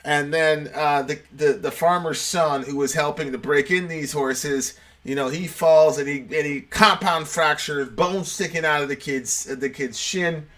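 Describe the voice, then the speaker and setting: A man's voice: a little high, unhurried, few pauses, fairly bright tone. Rambling young man telling a parable. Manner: rambling, many restarts and fillers; acts out quoted voices in the story. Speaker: host answering viewer questions. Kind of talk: casual chat, storytelling.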